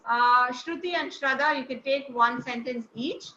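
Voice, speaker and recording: At a normal speed, this woman speaks in a high, sharp voice over slight background noise. She's a speech trainer teaching a class intonation, offering encouragement and praise as she goes, and the recording sounds roomy and dull.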